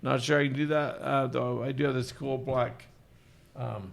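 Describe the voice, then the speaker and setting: A man's voice: mid-range voice, fairly even intonation, moderate pace, gravelly. A middle-aged male physician hosting a live Q&A, chatting casually and rambling with self-deprecating jokes. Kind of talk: casual live-stream chat.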